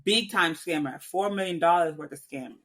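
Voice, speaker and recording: A woman co-hosting a podcast in casual chat, telling stories bluntly and jumping into excited asides. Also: lowish voice, normal speed. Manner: storytelling, blunt, rises into excited quoted asides. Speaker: podcast co-host.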